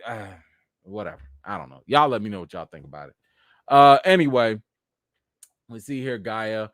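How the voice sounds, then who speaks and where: A man's voice: medium pitch, expressive, normal speed, creaky, fairly bright tone, no room sound, clean studio sound. A man hosting a live chat reaction and review of a TV episode, talking casually with lots of "you know" fillers. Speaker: show host and reviewer.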